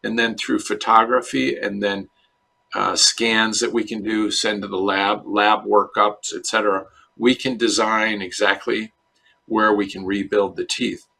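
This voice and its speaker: A middle-aged man from Chicago, a dentist answering interview questions in a relaxed, storytelling way. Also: fairly low pitch, unhurried, vocal fry, slightly rough. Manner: relaxed storyteller, acts out quoted voices. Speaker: dentist guest.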